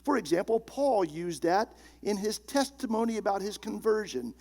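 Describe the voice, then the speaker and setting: A male pastor preaching a sermon, emphatic, slowing down and dropping low and soft on key words. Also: very animated, creaky.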